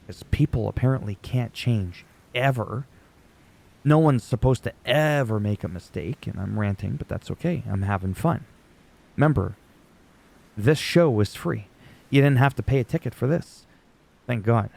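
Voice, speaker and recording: A man's voice: mid-range voice, moderate pace, vocal fry, a little mellow. A man whose first language is French, ranting sarcastically and profanely as a YouTuber recapping wrestling. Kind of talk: ranting casual commentary.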